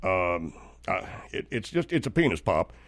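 A man's voice: deep voice, big pitch swings, normal speed, fairly bright tone, dry recording, full character voice. A man playing a flustered suburban husband who stammers and trips over his words as he airs an indignant grievance in a comedic monologue. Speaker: host of a comedy segment.

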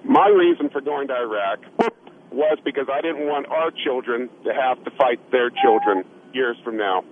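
Plainspoken caller, folksy and blunt, lively pitch, tinny cell line. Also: male voice, moderate pace. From southern Idaho, USA. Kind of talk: phone-in call. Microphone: cell phone. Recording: tinny cell phone line, faint hiss.

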